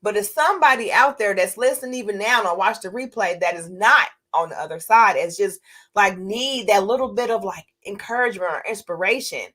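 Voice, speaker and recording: A woman's voice: mid-range voice, brisk, a bit bright. A woman who is a public speaker, talking earnestly as a guest on a podcast, with plenty of fillers. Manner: earnest, encouraging, many fillers. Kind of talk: casual interview chat.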